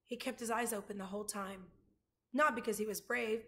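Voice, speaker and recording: A woman reading a children's chapter book aloud, pausing to show pictures to her listeners. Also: medium pitch, steady tone, bright, forceful tone. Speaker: reader.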